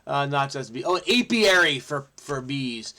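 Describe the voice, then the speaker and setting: A man from New Jersey solving a crossword aloud, excitable and frenetic, muttering to himself and breaking into snatches of song. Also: medium pitch, moderate pace. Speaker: crossword solver host. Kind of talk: thinking aloud while solving.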